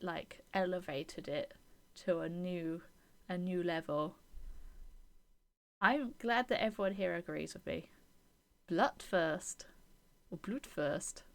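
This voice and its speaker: A woman streams a game, reading its text aloud and chatting with viewers between passages. She talks in an opinionated, chatty way, slipping into soft whispered asides and little giggles. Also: fairly low pitch, gravelly.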